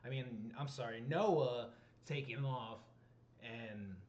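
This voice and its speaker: A man's voice: mid-range voice, takes it slowly, darkish tone. A man recapping and reviewing a film in a loose, rambling way, often stopping to correct himself. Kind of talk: casual spoken movie recap. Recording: roomy, dull lo-fi home recording.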